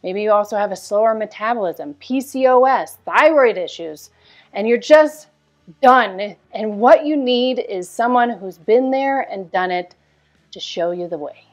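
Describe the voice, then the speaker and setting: A woman in her thirties, a health coach, telling a personal story in a candid, animated way with casual swearing. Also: medium pitch, a little slow. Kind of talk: storytelling promo talk.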